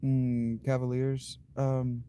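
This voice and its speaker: A man hosting a livestream, chatting casually with viewers' comments in an unhurried, blunt way, thinking aloud with fillers and restarts. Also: mid-range voice, completely flat delivery, dark tone, slight background noise. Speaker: livestream host.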